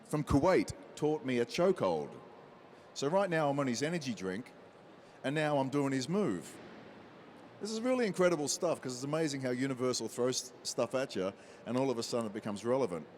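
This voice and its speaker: A man in an interview, telling a story with plenty of life and slipping into the voices of the people in it. His voice sits in an ordinary middle pitch for a man. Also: slight background noise. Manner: lively storyteller who acts out quotes. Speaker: interview guest, actor. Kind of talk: animated anecdote telling.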